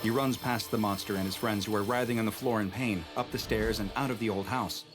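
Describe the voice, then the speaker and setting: A man giving scripted horror story narration in a measured, even delivery. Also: fairly low pitch. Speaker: narrator of the reacted video. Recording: narration over loud background music.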